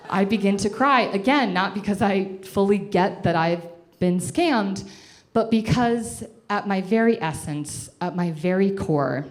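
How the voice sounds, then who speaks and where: A woman in her twenties telling a self-deprecating comic story to a live audience, animated and chatty. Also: medium pitch, unhurried.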